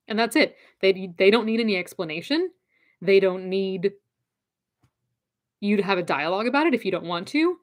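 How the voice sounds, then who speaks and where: A woman talks through advice in a casual, direct way. She sounds encouraging and comes back to the same phrases again and again. Her voice sits at a middle pitch. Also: a little fast.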